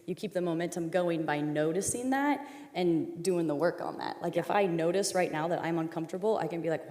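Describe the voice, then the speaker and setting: Mellow low-voiced woman coach. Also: brisk, few pauses. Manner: candid, self-aware, quotes her own thoughts. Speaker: panelist coach. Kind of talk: panel discussion. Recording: echoey hall.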